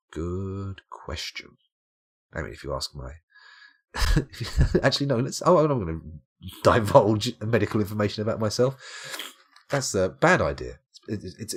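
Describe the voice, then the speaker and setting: Tired streamer, young man, lowish husky voice, lively ups and downs, self-mocking late-night ramble. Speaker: game streamer.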